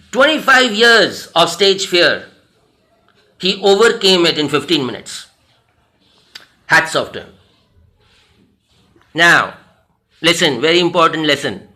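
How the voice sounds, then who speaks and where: This man, a personality development trainer with an Indian English accent, recounts a story in a motivational talk using a sharp, fairly high-pitched voice. He's earnest and leans on repeated phrases to drive points home.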